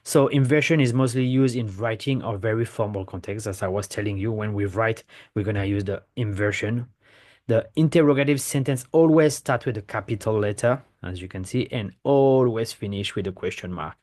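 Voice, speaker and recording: A man's voice: fairly low pitch, brisk, darkish tone. Man teaching a language lesson. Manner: patient, repetitive explaining, models questions with rising intonation. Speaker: French teacher.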